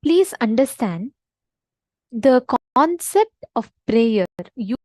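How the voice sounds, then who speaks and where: A woman's voice: on the high side, very animated, takes it slowly, darkish tone, no echo, low-quality recording. A woman leading a devotional teaching session, earnest and emphatic, often repeating her main points. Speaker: spiritual teacher.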